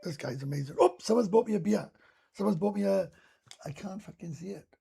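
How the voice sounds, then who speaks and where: A man's voice: high-pitched, animated, brisk, vocal fry, mellow, husky, faint music behind. A Welsh man hosting a casual live stream, reading viewer comments aloud and answering them bluntly, swearing freely and often restarting his sentences. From Wales.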